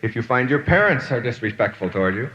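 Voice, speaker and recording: A man's voice: medium pitch, lively intonation, quick pace, fairly bright tone, in a large hall, muffled recording. A man giving a motivational lecture, telling stories and asking the audience rhetorical questions. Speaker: motivational speaker.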